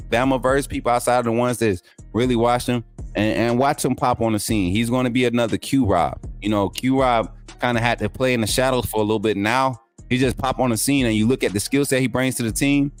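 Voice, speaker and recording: A male host talks in a loose, hyped way, full of slang and repetition. His voice sits in a middle pitch. Faint music plays underneath. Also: steady tone, quick pace. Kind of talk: casual live-stream talk.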